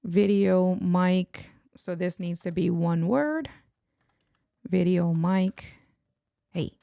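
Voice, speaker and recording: A woman's voice: fairly low pitch, takes it slowly, vocal fry, warm tone, no echo, clean studio sound. A woman with a New York accent hosting a casual livestream, thinking aloud and muttering asides while she edits video. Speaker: livestream host. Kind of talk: casual screen-share tutorial.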